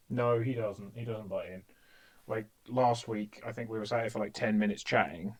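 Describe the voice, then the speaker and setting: An upbeat Englishman in his thirties with an Essex accent tells stories and does voices while chatting casually before an online game session. His voice sits on the low side with a steady tone, a little slow and with frequent pauses.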